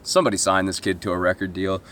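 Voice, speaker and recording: A man's voice: low-pitched, steady tone, quick pace, a bit bright. A man telling a comic travel story as a vlogger, rambling and swearing, with self-mocking asides and mimicked voices.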